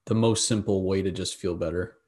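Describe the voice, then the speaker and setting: A man's voice: deep voice, steady tone, brisk, a little mellow. A man hosting a podcast, chatting agreeably in a casual conversation. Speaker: podcast host.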